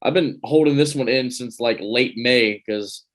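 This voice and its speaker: A man's voice: mid-range voice, measured pace, fairly bright tone. A man hosting a wrestling podcast, loose and joking as he leads the talk and reads fan mail. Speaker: podcast host. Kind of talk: casual chat.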